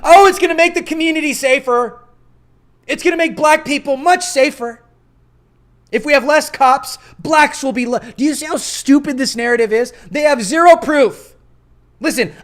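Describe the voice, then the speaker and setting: A man's voice: very high-pitched, a bit bright. A man hosting his own show, delivering combative, emphatic political commentary and hammering points through repetition. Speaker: host.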